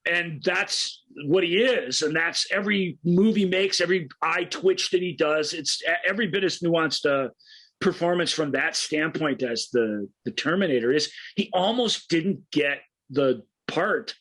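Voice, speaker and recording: A man's voice: on the high side, measured pace, a bit bright, breathy edge, poor audio. A man co-hosting a film podcast, enthusiastically retelling scenes in a casual, rambling way with frequent restarts.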